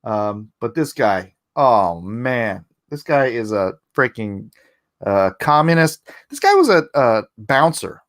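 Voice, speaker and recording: Slow, chuckling man hosting a stream. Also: medium pitch, big pitch swings. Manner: chuckling, reads chat aloud. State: hoarse after coughing. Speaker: livestream host. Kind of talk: casual livestream chat.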